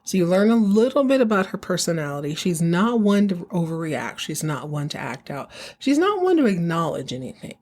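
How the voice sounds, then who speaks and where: A woman hosting a podcast, casually recapping a TV episode in an animated, slangy way and acting out the characters. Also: fairly low pitch, a little fast, few pauses. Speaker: podcast host.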